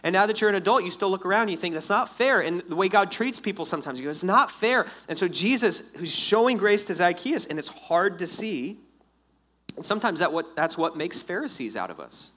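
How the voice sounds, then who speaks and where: A man preaches a sermon with a slightly high voice, talking to the congregation like a friend. He is animated and casual and acts out the lines he quotes. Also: fairly quick. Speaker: pastor.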